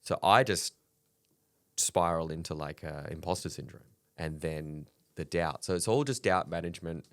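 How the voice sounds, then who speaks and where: A comedian guest chats candidly on a podcast, swearing freely and laughing between his stories. He has a low voice at a moderate pace, with no room sound.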